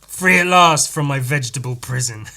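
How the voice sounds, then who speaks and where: A man's voice: medium pitch, normal speed, gravelly, sharp tone. A man voicing a grandiose male monster freed from a turnip, with a theatrical, gloating villain delivery while reading a comic aloud.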